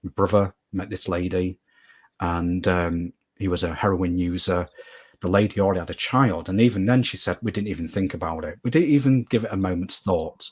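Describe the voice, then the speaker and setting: A man with a very low, husky voice sits as a guest in an interview. He tells a long personal story in an earnest, rambling way, circling back and repeating phrases to drive them home. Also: a little fast. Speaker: guest medium.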